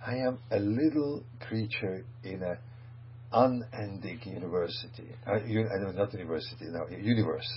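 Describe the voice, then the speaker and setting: A man's voice: fairly low pitch, normal speed. A man teaching a Torah lecture, emphatic, asking rhetorical questions and mixing in Hebrew and Yiddish phrases. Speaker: rabbi teaching. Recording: dull hum-laden recording.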